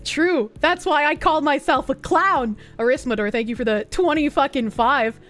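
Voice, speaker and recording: A woman streamer giving loud, profane, casual commentary as she reacts to a movie, laughing often between rants. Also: high-pitched, normal speed, faint music behind.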